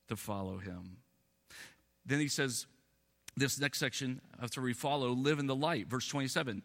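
A man preaching a sermon in a relaxed, conversational way, with humorous stories mixed in. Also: mid-range voice, moderate pace, big-room sound. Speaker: pastor.

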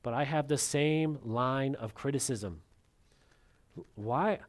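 A pastor delivers a sermon in a medium-pitched voice. He acts out the quotes and swings from loud, raised lines to quiet, dropped ones. His delivery is dramatic. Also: slow.

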